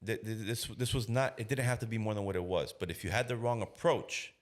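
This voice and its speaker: Casual storytelling man, low voice. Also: a little fast. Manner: animated storyteller who acts out quoted voices; casual, streetwise slang. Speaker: police officer, guest. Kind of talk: storytelling in a podcast interview.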